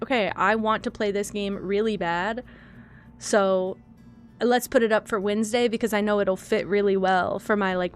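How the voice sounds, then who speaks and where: A young woman streamer chatting casually with viewers, rambling and self-deprecating, a little teary and laughing often. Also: medium pitch. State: teary, crying. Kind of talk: casual live-stream chat.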